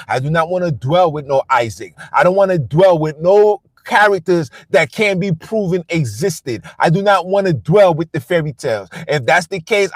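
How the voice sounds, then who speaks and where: A man's voice: a little high, a bit bright, no echo. A man hosting a live stream, delivering a blunt, defiant and profane rant that hammers the same phrases over and over. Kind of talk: ranting monologue on a live stream.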